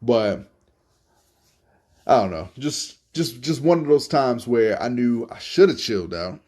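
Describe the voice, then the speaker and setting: A young man from Florida telling a story in a relaxed, casual monologue, cursing freely and often repeating his words. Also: mid-range voice, a little slow. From Tampa, Florida. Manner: laid-back, profane, repeats himself. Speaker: podcast host telling stories.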